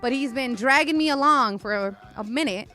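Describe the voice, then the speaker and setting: Brief: young woman radio co-host, casual and animated, with a fairly high, bright voice. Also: normal speed, soft background music. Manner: animated, hesitant storytelling. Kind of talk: casual chat.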